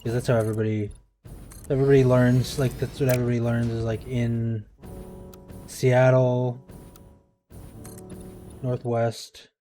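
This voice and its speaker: A man's voice: medium pitch, level tone, measured pace, pauses often, dark tone. A man streaming himself playing a game, talking casually and rambling, often correcting himself mid-sentence. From United States. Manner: rambling, self-correcting, chatty asides. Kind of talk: casual commentary over gameplay. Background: music in the background.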